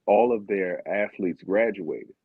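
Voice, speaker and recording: A man from Baltimore telling his story as a guest, animated and sometimes acting out what others said. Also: sits low, slow, husky, no echo. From Baltimore, Maryland, USA. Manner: animated, acts out quotes of teammates. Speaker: guest, former Olympic sprinter. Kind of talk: candid conversational storytelling. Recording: dull lo-fi sound.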